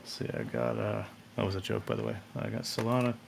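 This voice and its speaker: A man's voice: fairly low pitch, level tone, a little fast, gravelly, a little hiss or hum. A man in a casual online voice chat, laid-back and swearing freely as he talks about his trades. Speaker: voice chat participant.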